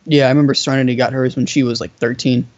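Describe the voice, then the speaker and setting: A man's voice: medium pitch, very fast. Young male co-host, swears freely and laughs a lot, on a dull lo-fi recording. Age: young adult. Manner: animated, laughing, profane storyteller. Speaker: podcast co-host. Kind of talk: casual storytelling chat. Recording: dull lo-fi audio.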